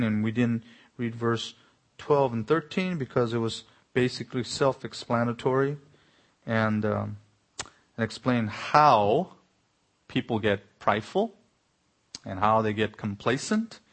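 A man's voice: mid-range voice, a little slow, long pauses. A man preaching an earnest sermon as a pastor, building to pointed exclamations.

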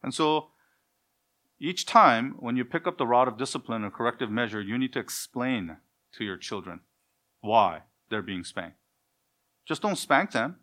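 A male pastor preaching with a bright, forceful tone and a mid-range pitch. He hammers his points home with quick rhetorical questions he answers himself. His delivery swings between loud emphasis and quieter, confiding stretches. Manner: acts out dialogues between parent and child. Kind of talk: sermon.

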